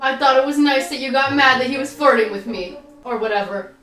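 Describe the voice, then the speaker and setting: A young woman in her twenties, a streamer chatting excitedly and teasingly with a chatbot, sometimes breaking into shouts. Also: high voice, brisk. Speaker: streamer role-playing with a chatbot. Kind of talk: casual role-play chat. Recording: echoey room, away from the mic. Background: background music.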